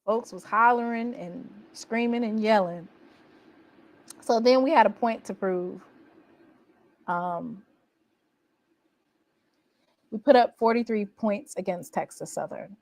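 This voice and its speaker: A woman recapping her team's college football season in a casual, boastful, teasing way, with animated exclamations. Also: medium pitch, slow, pauses often, no echo. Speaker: college football fan vlogger. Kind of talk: casual trash-talking recap.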